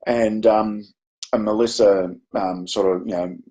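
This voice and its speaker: A man's voice: on the low side, steady tone, a little slow, dark tone. A man with an Australian accent presenting a webinar, telling a chatty, self-deprecating classroom story with frequent ums. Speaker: education presenter.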